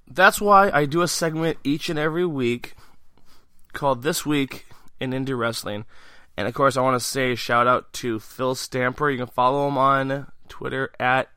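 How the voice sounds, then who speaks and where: A man's voice: medium pitch, steady tone, normal speed, sharp tone, clear, resonant tone, dry recording, clean studio sound. A man hosting a wrestling podcast, chatting eagerly and reading out event listings in a rambling, enthusiastic way. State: out of breath. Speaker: podcast host. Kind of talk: casual podcast interview and event rundown.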